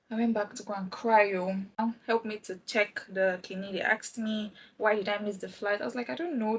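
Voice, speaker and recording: A young woman from Nigeria telling a lively travel story while doing her makeup, acting out the other people's lines. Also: mid-range voice, slight background noise, low-quality recording. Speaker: vlogger. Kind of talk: chatty get-ready-with-me story time.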